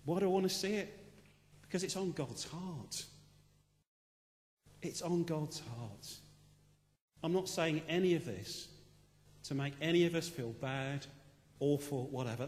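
A male preacher delivers a passionate sermon, his voice a little high for a man. He swings between loud, pressing questions and hushed reflection, with a long hall reverb trailing behind him. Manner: impassioned, rising to loud rhetorical questions then dropping quiet.

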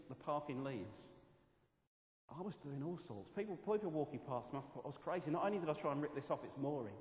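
A man preaching in a big echoey hall, his voice high for a man and carried on a long reverb. He preaches expressively, breaking off into candid asides and lively stories. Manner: expressive, animated storytelling with asides. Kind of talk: sermon. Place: church hall.

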